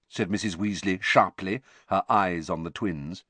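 A man narrating an audiobook in an expressive storytelling manner. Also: low-pitched, measured pace, husky, dry recording.

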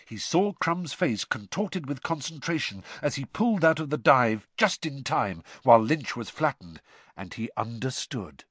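Lively, bright-voiced male storyteller. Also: mid-range voice, moderate pace, breathy edge, dry recording. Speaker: audiobook narrator. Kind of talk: expressive scripted narration.

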